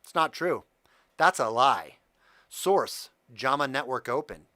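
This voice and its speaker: A man hosting a livestream and ranting, swinging his voice widely up and down as he gets worked up. His tone is bright and edged, with a dry, close sound. He swears freely and addresses his viewers directly. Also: medium pitch, animated, takes it slowly, no room sound. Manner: heated, profane ranting; talks to the chat directly. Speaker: livestream host.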